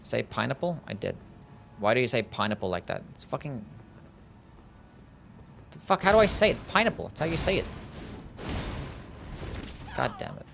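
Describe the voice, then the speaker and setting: A man's voice: medium pitch, very animated, moderate pace, vocal fry, pauses often, a bit bright, a little hiss or hum. A young man streaming a game, chatting casually with his chat, laid-back, laughing easily and swearing often. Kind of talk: casual livestream chat while gaming. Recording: music playing faintly behind.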